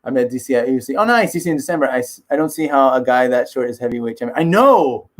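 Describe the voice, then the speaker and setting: A man hosting a fight-sports video, chatting casually in a rambling way, laughing often and dropping into quick impressions. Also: mid-range voice, lively intonation. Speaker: MMA video host.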